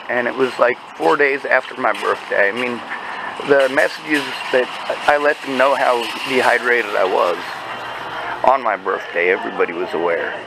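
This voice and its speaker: A man's voice: mid-range voice, noisy background. A man telling his story in casual conversation, agitated and profane, often restarting his sentences.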